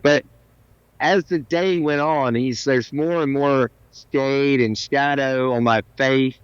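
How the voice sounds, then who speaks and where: A man in his fifties tells stories with animated, self-mocking humor, his voice sitting at an ordinary middle pitch. The sound is dry and slightly dull, as if the highs were trimmed off. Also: slow, clear, resonant tone, no room sound. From South Carolina, US. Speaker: musician guest. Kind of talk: casual interview storytelling.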